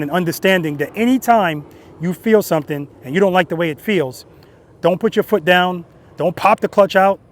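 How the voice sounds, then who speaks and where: A man's voice: sits high, fairly bright tone. A man teaching motorcycle riding outdoors, explaining emphatically and often checking in with "right?" and "guys.". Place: outdoor practice area.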